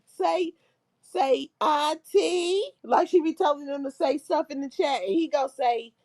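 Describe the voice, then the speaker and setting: A woman's voice: sits high, measured pace, darkish tone. A woman hosting a casual livestream, reading viewers' comments aloud while laughing helplessly through nearly every line. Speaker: livestream host reading chat.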